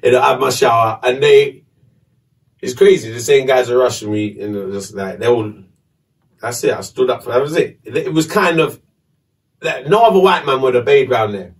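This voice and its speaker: A man, a podcast host telling a story casually, animated and swearing. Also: mid-range voice, moderate pace, far from the mic.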